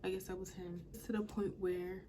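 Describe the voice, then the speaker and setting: A woman's voice: on the low side, level tone, normal speed, background noise. A young woman vlogger telling a storytime in a casual, chatty way, with a lot of "like". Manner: chatty, lots of "like".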